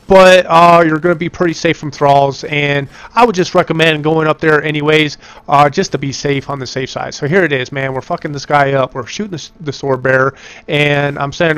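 A young man giving profane, excitable commentary over his own gameplay clip, swinging from calm explaining to yelling. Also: on the high side, moderate pace, clear, resonant tone, no room sound. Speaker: gamer doing video commentary.

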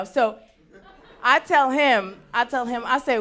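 A young woman doing a stand-up comedy set on a theater stage, talking with lively, animated swings in loudness. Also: fairly high pitch, measured pace. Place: theater stage before a live audience.

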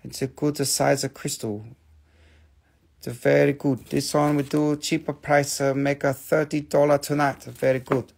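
A man putting on a gem seller who speaks in clipped, broken English while pitching stones. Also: flat delivery, gravelly, darkish tone. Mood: selling. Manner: clipped, halting, broken phrasing.

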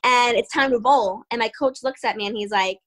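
A young adult woman, an MMA fighter, telling stories in an interview in a lively way, quick, full of "like" and laughter. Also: fairly high pitch. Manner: animated, fast, full of "like" and laughter. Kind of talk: casual storytelling interview.

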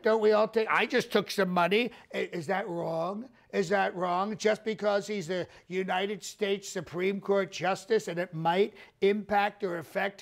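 A man's voice: sits high, creaky. A male comedian doing a live impression of a boastful male ex-president, rambling and repeating himself in a mock press conference.

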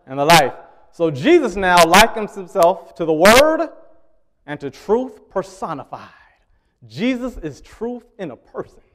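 A preacher whose voice sits slightly higher than most men's talks with his congregation rather than at it, asking questions and waiting for replies. His pitch swings widely, and he moves unhurriedly, pushing some words out loudly and dropping others into quiet asides. Background noise is audible.

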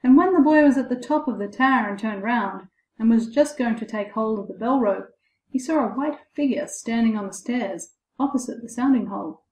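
Storybook narrator, woman, measured and expressive, echoey. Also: a little high. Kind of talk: storybook fairy-tale reading. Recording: echoey room.

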